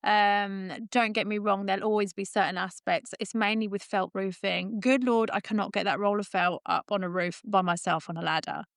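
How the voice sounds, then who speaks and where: Woman in her thirties, animated anecdotal guest, mid-pitched voice, close dry mic. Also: moderate pace, few pauses, no room sound. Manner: lively storyteller, laughs often. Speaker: roofer and business owner, guest. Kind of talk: casual interview chat. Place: podcast recording.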